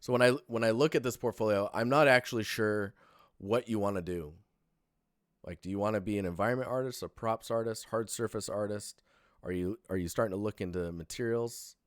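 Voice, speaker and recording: Deep-voiced sleepy male streamer. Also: brisk, dry recording, clean studio sound. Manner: relaxed, rambling, many fillers and restarts. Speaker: streamer reviewing portfolios. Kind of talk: casual live-stream critique.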